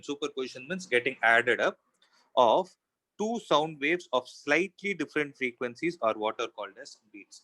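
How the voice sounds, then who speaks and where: A man's voice: mid-range voice, pushed and bright, rough recording. A man teaching a physics class, explaining step by step and asking himself questions as he goes. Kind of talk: classroom lecture.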